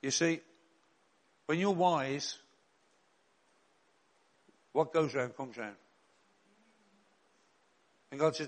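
A man's voice: fairly high pitch, extremely slow, pauses often. An older man, a bishop and chaplain preaching a sermon in an earnest, direct way with rhetorical questions and repeated refrains.

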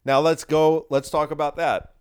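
This male podcast host has a fairly high, smooth and slightly mellow voice with little pitch movement, and he speaks at a normal speed. His monologue is a sarcastic, opinionated rant stuffed with rhetorical questions.

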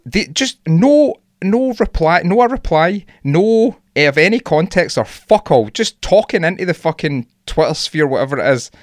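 A man's voice: fairly high pitch, animated, moderate pace, hardly any pauses, no echo, studio quality. A young Scottish man co-hosting a podcast, ranting animatedly in casual sweary chat. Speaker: podcast co-host.

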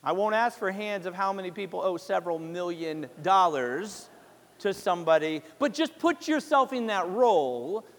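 A man's voice: high voice, lively intonation, normal speed, a bit bright, in a large hall. A man preaching a sermon as a pastor, retelling a parable as a story and putting questions to the congregation.

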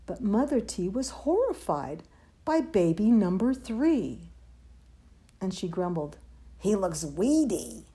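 A woman's voice: mid-range voice, sing-song, slow, mellow, breathy edge. A woman reading a rhyming children's picture book aloud with a lilting, sing-song rhythm. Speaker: storyteller.

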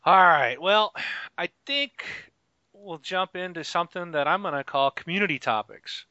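A man's voice: high-pitched, lively intonation, normal speed, pushed and bright, dry recording. A man hosting a casual gaming podcast, chatty and laughing often. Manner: chatty and laughing, with frequent fillers. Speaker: podcast host. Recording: dry, slightly muffled home mic.

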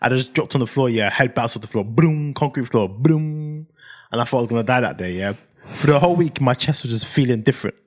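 A man's voice: mid-range voice, fast talker. A young man, co-hosting a podcast and telling a school story in casual chat, acting out the voices of the people in it. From Southeast London. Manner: animated storyteller, acts out quoted voices and slang. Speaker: podcast co-host.

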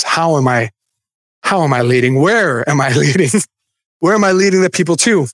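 Male pastor, thirties, relaxed chatty preaching, higher voice, dry recording. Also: no echo. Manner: conversational, self-deprecating asides with light laughs. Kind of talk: sermon.

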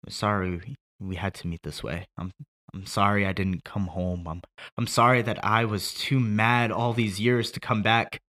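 A man reading a script aloud as a grown son grieving at his dead father's grave, moving from shouting to broken quiet. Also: lowish voice, animated, slow, pauses often, pitched above the performer's own voice, exaggerated voice. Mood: tender, forgiving. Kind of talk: script read aloud as a monologue.

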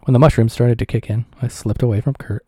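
Dark-voiced man reading a somber memoir. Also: medium pitch, steady tone, quick pace, slightly rough, no room sound, clean studio sound. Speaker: audiobook reader. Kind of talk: first-person memoir narration.

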